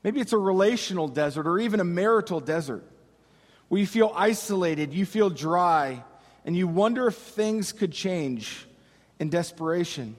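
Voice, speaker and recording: High-voiced man preaching in a hall. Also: expressive. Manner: preaching with slow dramatic pauses and impassioned cries. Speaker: pastor. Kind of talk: sermon.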